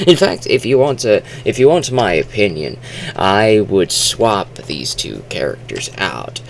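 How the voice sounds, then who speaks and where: Male reviewer, casual and rambling, low and gravelly, lively pitch, quick to play out quotes in voices. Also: a little hiss or hum. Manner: rambling and chatty, with many fillers and restarts; acts out quotes in animated voices. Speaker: movie reviewer. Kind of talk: casual spoken movie review.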